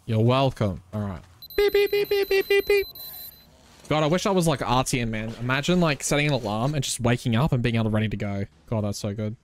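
A man giving loud, joking live commentary as he plays a game, swearing and teasing his chat. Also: medium pitch, fast talker, few pauses, slight background noise. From Australia. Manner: excitable, swears freely, teasing banter with chat. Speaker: streamer.

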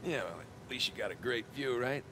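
A man's voice: mid-range voice, animated, brisk, background noise, close to an everyday voice. An actor playing a wisecracking adult male treasure hunter who talks in a dry, joking way, heard as game audio. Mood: wry. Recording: game audio over loud score.

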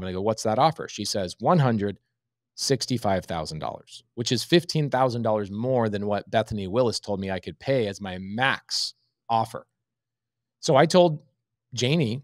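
A man in his thirties telling an animated story in a podcast interview, acting out the dialogue as he goes. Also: medium pitch, moderate pace, no echo, clean studio sound. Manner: lively anecdotal, acts out quoted dialogue. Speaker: real estate investor guest.

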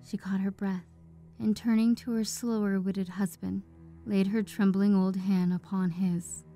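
A woman reads a dark old tale aloud in a steady, measured manner, her tone soft and mellow rather than bright. Faint music plays beneath the narration. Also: medium pitch. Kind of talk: scripted storybook narration.

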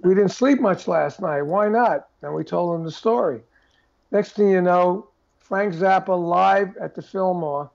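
A very gravelly older man, high for a man, tells stories in a relaxed interview. He throws himself into them, putting on the voices of the people he describes. The recording sounds dull and muffled. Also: a little slow. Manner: animated storyteller who acts out quoted voices. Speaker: guest drummer telling stories. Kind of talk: casual storytelling interview.

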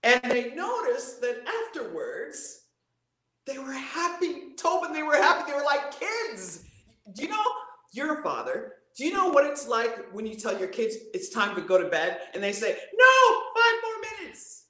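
A woman voice coach, guest on a live-streamed interview, talking in an animated, playful way and showing things off with her voice. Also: fairly high pitch, moderate pace, roomy sound.

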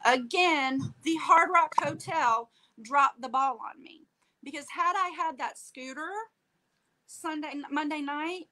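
Woman, slightly high voice, emotional storyteller on a chat show who acts out the quotes. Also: slow, low-quality recording. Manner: animated, acts out quoted dialogue, tags lines with "okay?". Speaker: guest telling her story.

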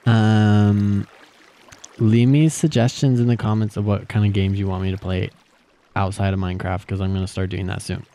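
A young man commentating his own video game play, excitable, gasping and squealing at the animals he finds. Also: fairly low pitch, moderate pace. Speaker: gaming channel host. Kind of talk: gameplay commentary.

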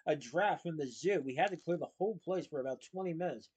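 A man doing a flustered high-voiced priest. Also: expressive, fast talker, a little mellow, slightly rough. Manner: flustered, stammering. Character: flustered fretting older male priest.

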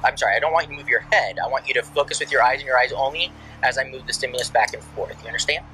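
A male police officer talks a driver through a roadside sobriety test at night. He speaks quickly and repeats his instructions patiently. The recording is noisy, with roadside sound clearly audible. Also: mid-range voice, bright, forceful tone.

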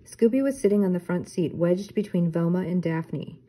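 An older woman reads a children's book aloud, gentle and unhurried. Her voice is low-pitched, mellow and dark, with a breathy, husky edge. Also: animated, poor audio. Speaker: teacher reading aloud. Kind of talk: storybook read-aloud.

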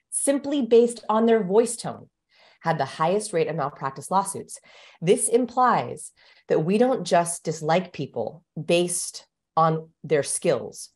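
Woman guest expert, somewhat low voice, brisk and emphatic explainer. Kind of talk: interview explanation.

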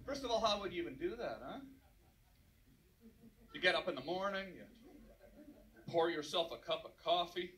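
Animated man doing stand-up. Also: sits high, normal speed, pauses often, rough recording. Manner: animated, mock-ranting, shouting punchlines. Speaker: stand-up comedian. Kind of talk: stand-up comedy set. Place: live comedy venue.

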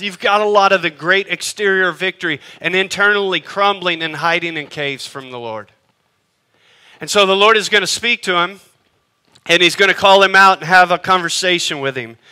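A male pastor preaching a sermon, emphatic, swinging between loud declarations and hushed asides. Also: high voice, moderate pace.

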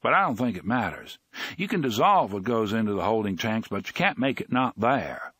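A man's voice: fairly low pitch, big pitch swings, normal speed, fairly bright tone, slightly rough, no room sound, studio quality, full character voice. A man voicing a laid-back male flight navigator who explains things matter-of-factly. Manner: matter-of-fact.

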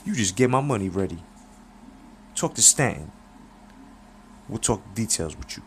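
A man's voice: fairly low pitch, expressive, normal speed, a little hiss or hum. A man voicing a young, easygoing male boxer who talks in a laid-back, brotherly way.

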